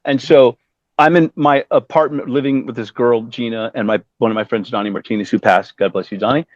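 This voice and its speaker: A man in his fifties telling stories casually as a musician guest, animated and acting out the voices of other people he quotes. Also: medium pitch, a little fast, dry recording. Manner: animated, acts out quoted voices, swears freely. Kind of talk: casual storytelling. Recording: dull dry lo-fi sound.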